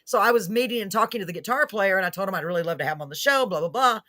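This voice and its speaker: Gushing woman, bright voice. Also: medium pitch, lively intonation, rapid-fire, dry recording, clean studio sound. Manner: gushing, laughs often, rambling. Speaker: host of a live music show. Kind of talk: casual live-stream chat.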